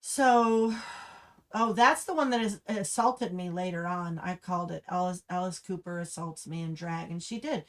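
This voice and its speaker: A middle-aged woman, talking on a livestream in an impassioned, ranting way that rises to angry shouts. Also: fairly low pitch, normal speed. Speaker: livestream host. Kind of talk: livestream commentary over slideshow.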